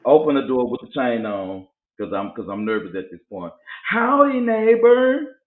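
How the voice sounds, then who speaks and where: A man's voice: lowish voice, fairly quick. A man, co-hosting a casual show and telling stories, acting out voices as he goes. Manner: animated, acts out voices in his stories. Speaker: podcast co-host. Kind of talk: casual storytelling chat. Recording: tinny phone-like sound in an echoey room.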